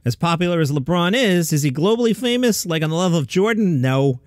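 A man hosting a daily comedy news podcast, reading listings and adding quick casual asides. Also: on the high side, animated, dry recording, studio quality. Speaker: podcast host.

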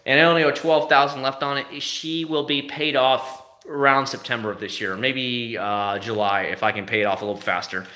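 A man's voice: mid-range voice, moderate pace, hardly any pauses, reverberant. A man in his thirties, a car vlogger chatting casually and acting out quotes in his stories. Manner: animated storytelling with acted-out quotes. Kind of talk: casual chat.

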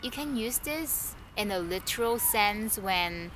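Slow, relaxed woman teaching words. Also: medium pitch, background noise. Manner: relaxed, thinks aloud, repeats words slowly. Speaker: language teacher vlogger. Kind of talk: casual language lesson.

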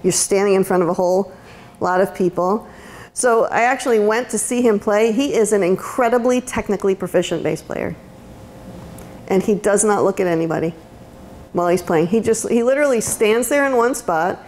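A woman's voice: mid-range voice, brisk, a little mellow. Chatty woman giving a lecture. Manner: conversational, many ums and restarts. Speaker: autism educator. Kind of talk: university lecture talk. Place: lecture room.

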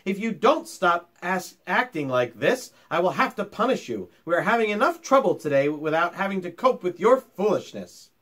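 A man's voice: high voice, very animated, normal speed, few pauses, fairly bright tone, heavily acted. A man reading aloud as a stern father scolding his son in an exasperated tone.

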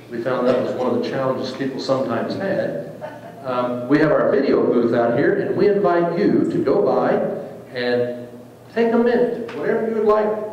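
A man, a pastor, talks to his church group in a lively, joking way, like a teacher. His voice is of middle pitch and comes from some distance off the mic. The sound bounces with the long echo of a large hall. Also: highs cut off, slight background noise. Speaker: pastor leading a trip meeting. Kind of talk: informal talk to a church group. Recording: echoey hall, speaker far from mic.

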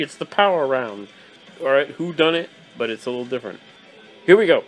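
A young man hosting an absurdist comedy show, swinging from manic yelled bursts to mumbled asides. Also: mid-range voice, lively intonation, brisk, faint music behind. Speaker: host.

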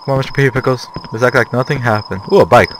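A man giving jokey, panicky commentary while playing a horror game, often breaking into shouts. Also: medium pitch, fast talker, slight background noise. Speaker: let's play gamer. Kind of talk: gameplay commentary.

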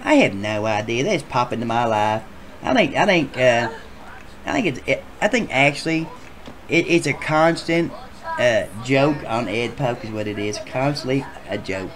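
A performer voicing a foul-mouthed male storyteller who rambles through a tale, dropping low and muttering, then shouting in outrage. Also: lively intonation, normal speed, a little hiss or hum, lightly acted. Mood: grumbling. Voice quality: profane, swings from mumbling to shouting. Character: crude rambling male storyteller, easily riled. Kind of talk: comedic storytelling in a Sims machinima game show.

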